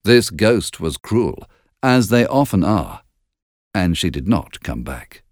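A man narrating an audiobook in an expressive, measured storytelling manner. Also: low-pitched, no echo, studio quality.

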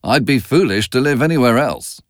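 A man reads aloud as an arrogant, brutish rich husband, speaking bluntly and forcefully with a smug mood. His voice is medium-pitched, animated, and at normal speed, pitched a bit above his own yet close to an everyday voice. The audio is studio quality with no echo.

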